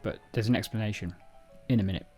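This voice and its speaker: A man's voice: lowish voice, fast, dark tone, faint music behind. A man casually walking through a programming book on a live stream, rambling, joking at himself and stumbling over words. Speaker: livestreamer reading a programming book. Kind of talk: casual live-coding walkthrough.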